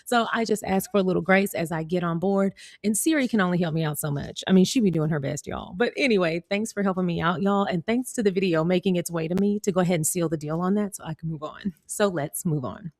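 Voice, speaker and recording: A woman's voice: fairly low pitch, quick pace, hardly any pauses, darkish tone, no room sound. An American woman vlogger chatting casually with her viewers and reading an article aloud, laughing often. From United States.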